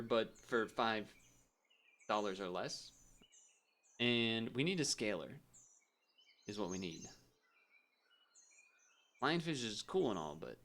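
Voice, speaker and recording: A man's voice: fairly low pitch, a bit bright. A young man streaming a game, chatting casually and thinking aloud as he rambles and cuts himself off.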